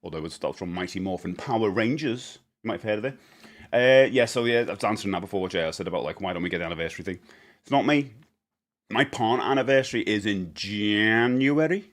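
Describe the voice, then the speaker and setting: A British man in his forties talks casually on his live stream, rambling with lots of fillers and quick greetings to viewers. His voice sits on the low side.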